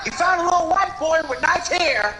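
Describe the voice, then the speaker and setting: A man doing an impression of a brash male comedian, roasting someone with shouted, profane stand-up delivery. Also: very high-pitched, expressive, normal speed, music in the background, poor audio. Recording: loud background noise.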